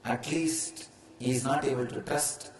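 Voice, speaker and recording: A man's voice: mid-range voice, steady tone, a little slow, a little hiss or hum. A man with an Indian English accent giving a spiritual discourse, speaking in emphatic, declarative statements. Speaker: spiritual teacher. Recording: echoey room with faint ambience.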